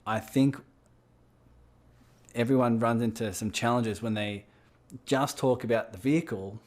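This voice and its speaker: A man's voice: medium pitch, steady tone, unhurried, a little mellow. A man hosting an interview, thoughtfully restating and building on his guest's points in casual talk. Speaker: podcast host.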